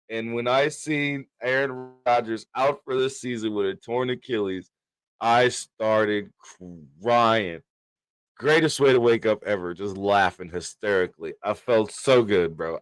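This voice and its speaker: A man hosting a sports podcast in casual chat, animated, laughing often and trash-talking rivals. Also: mid-range voice, no echo. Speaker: podcast host.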